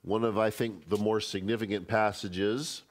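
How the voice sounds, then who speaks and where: Emphatic pastor teaching Bible study. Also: male voice, on the low side, steady tone, normal speed. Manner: conversational and emphatic, acting out quoted speech.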